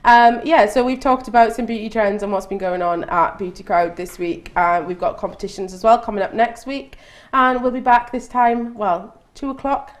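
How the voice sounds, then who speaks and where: A woman hosting a casual live beauty chat show, chatty and quick to laugh, with many restarts. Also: a little high, fairly even intonation. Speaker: host.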